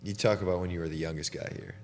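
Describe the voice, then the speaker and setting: A man's voice: low voice, fairly even intonation, racing, darkish tone, slight background noise. A young man hosting a casual chat with a teammate, laid-back and chatty, laughing often and saying "dude" a lot. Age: young adult. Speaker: podcast host and college basketball player.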